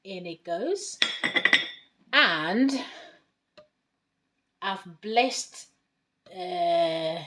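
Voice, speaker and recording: A woman's voice: lowish voice, expressive, extremely slow, pauses often, a bit bright. A woman from Ghana giving a casual cooking demonstration in her home kitchen, chatting through each step as she works. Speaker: home cook.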